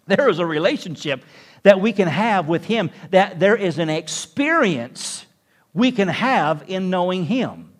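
A pastor preaches a sermon to his congregation in a church room, his high-sitting voice animated but measured in pace. His delivery climbs to emphatic, rising peaks.

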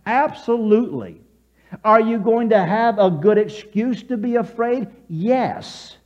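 A man preaching with a high voice that swoops up and down as he acts out his story. He chuckles along the way and has his congregation repeat lines after him. The recording sounds dull and lo-fi. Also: expressive, takes it slowly, darkish tone. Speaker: pastor. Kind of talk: sermon.

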